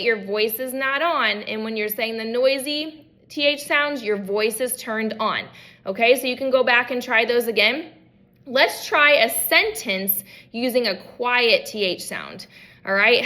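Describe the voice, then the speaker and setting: In a home practice session, a young woman who is a speech language pathologist demonstrates words for kids, slow and clear. Her tone is bright and forceful, pitched a little high.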